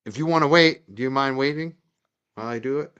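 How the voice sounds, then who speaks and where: Male livestream host, North Shore Massachusetts accent, mid-pitched, loose and rambling delivery. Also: moderate pace, a bit bright, clear, resonant tone, highs cut off. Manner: chatty and rambling, with frequent "uh" fillers. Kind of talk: casual livestream chat.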